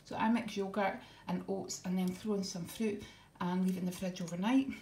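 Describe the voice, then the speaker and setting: A woman's voice: mid-range voice, steady tone, brisk, dark tone. Chatty woman in an echoey room. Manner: chatty, homely, frequent ums. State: a bit out of breath. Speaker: vlogger. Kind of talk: casual grocery haul chat. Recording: echoey room, faint noise.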